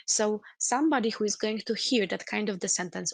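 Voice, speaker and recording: A corporate trainer gives an earnest webinar lecture, reworking her sentences as she goes with "let's say" and "like." Her medium-pitched voice is fairly quick, with vocal fry. The recording is dry.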